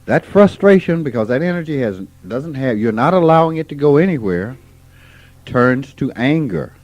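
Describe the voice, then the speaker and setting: A man gives an informal spiritual talk. He is folksy and unhurried, and he asks questions and then answers them himself. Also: mid-range voice, expressive, darkish tone, no room sound. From Mississippi, USA. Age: 50s. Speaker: spiritual teacher. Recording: dull archival tape recording.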